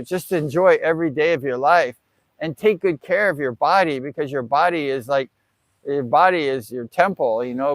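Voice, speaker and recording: An older man from the United States speaks in a loose, heartfelt ramble, his voice sitting a little high for a man. The sound is close and dry, with no room around it, and he keeps circling back with "like" and "you know.". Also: a bit bright, no room sound. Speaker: vlogger. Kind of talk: casual personal storytelling on a livestream.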